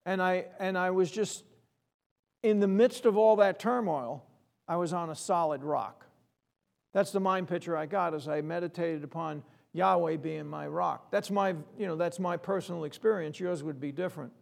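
Middle-aged guy from long island preaching, slow and emphatic, kinda gravelly. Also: high voice, fairly even intonation. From Long Island, New York. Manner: slow, emphatic reading of scripture, reflective and personal. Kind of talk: sermon.

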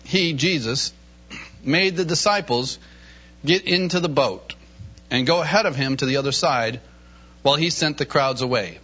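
A man preaching a sermon in an animated way, reading scripture and acting out the voices in it with laughter in between. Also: on the high side, normal speed, pauses often. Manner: animated, acts out Bible voices, laughs often. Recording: dull lo-fi recording.

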